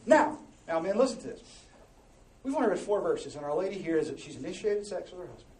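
Animated male pastor in an echoey hall. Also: high voice, quick pace. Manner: animated, joking with the congregation. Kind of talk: sermon. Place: large church hall. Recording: echoey hall, mic at a distance.

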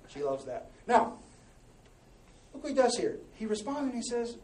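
A high-voiced man preaching a sermon, animated and conversational, dropping into quiet asides and then pushing out loud exhortations. He is heard from a distance in an echoey church hall with faint ambience behind him. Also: brisk, a little hiss or hum. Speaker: pastor.

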